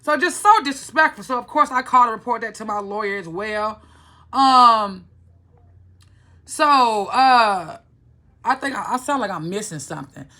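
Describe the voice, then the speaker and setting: A woman's voice: a little high, measured pace, long pauses, pushed and bright. A woman telling a personal story to the camera in a rambling, profane, heated way. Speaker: vlogger. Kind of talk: casual storytelling vlog.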